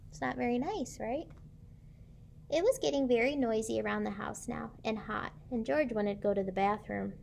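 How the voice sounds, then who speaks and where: Woman teacher reading a storybook to kids, gravelly tone, fairly high voice. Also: normal speed, slight background noise. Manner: asks children questions, gentle and encouraging. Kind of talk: reading a picture book aloud to children.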